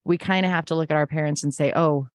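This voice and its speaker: A middle-aged woman with a notably low, grounded voice talks openly as a podcast guest. She is earnest and reflective, slipping into the voices of remembered conversations as she tells her story. The sound is close and dry, with no room around it. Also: fairly even intonation, fast talker, no room sound. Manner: earnest, acts out remembered dialogue. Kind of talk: conversational interview.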